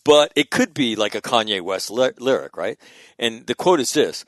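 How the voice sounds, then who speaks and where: A man's voice: on the low side, moderate pace, no echo. A man on a podcast talks in a loose, profane way and keeps jumping back into his sentences. His voice is recorded close and dry, with no room sound. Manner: profane, animated storytelling with frequent restarts. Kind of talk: casual podcast conversation.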